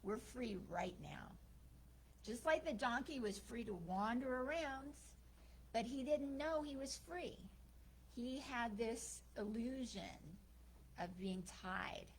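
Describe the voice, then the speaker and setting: A woman minister giving a sermon, telling a story and acting out its characters' lines in a lively way. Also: a little high, slow, a little hiss or hum, poor audio.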